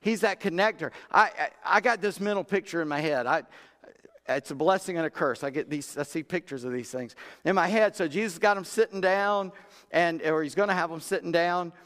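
Slightly high, a bit bright and fairly fast, the pastor plays out biblical characters in plain everyday talk during a relaxed, folksy sermon. The recording has the lengthy echo of a large space.

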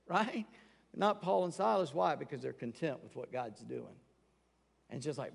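A man's voice: fairly high pitch, animated, normal speed, vocal fry. A man preaching a sermon in a conversational way, acting out the quoted voices as he tells the story. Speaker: pastor. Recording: long reverb of a large hall.

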